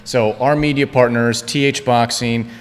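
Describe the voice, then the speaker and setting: A man's voice: mid-range voice, fairly even intonation, unhurried, in a large hall, faint music behind. A man co-hosting a casual podcast, joking and moving the show along. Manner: joking, upbeat presenter. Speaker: podcast co-host. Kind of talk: casual chat.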